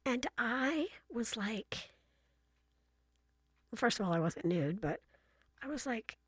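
A woman's voice: a little high, lively intonation, slow, long pauses, slightly rough, no room sound. Middle-aged woman, blunt and chatty storyteller, acts out voices, dry close sound. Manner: frank, chatty and playfully blunt; acts out voices in her anecdotes. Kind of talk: casual storytelling monologue.

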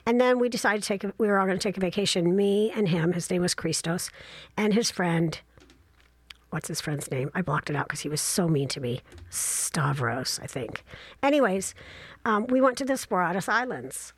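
A woman in her sixties telling a casual travel story, chatty and self-deprecating with animated asides. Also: fairly low pitch, moderate pace, slightly rough, no room sound.

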